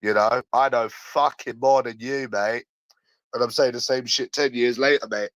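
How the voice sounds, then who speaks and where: A man's voice: medium pitch, steady tone, moderate pace, a bit bright, no room sound, rough recording. A man with a London accent ranting in a repetitive, sweary, sarcastic monologue. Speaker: vlogger.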